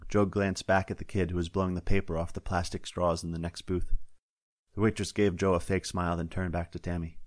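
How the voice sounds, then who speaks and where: A man, the author, reading his science-fiction story aloud in a steady, wry narrating manner. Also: deep voice, brisk, no room sound. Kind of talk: scripted audiobook narration. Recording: dry close-up studio sound.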